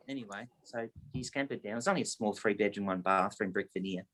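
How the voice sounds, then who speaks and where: A man, a real estate agent telling a story and coaching in a casual, animated way. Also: fairly low pitch, fairly quick, few pauses. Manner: animated anecdote teller, lively, acts out quotes.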